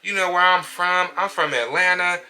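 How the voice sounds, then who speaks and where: A man's voice: high-pitched, moderate pace, bright, forceful tone, pitched above the performer's own voice. A man putting on a brash, cursing woman. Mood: angry, taunting. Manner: brash, cursing, boastful of hometown. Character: angry young woman client, loud and threatening.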